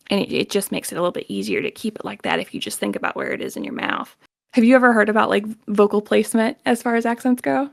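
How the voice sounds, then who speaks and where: A woman's voice: medium pitch, lively intonation, fast, vocal fry, dry recording, studio quality. A woman voice actor chatting casually as a guest, explaining with examples and laughing easily. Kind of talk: casual chat.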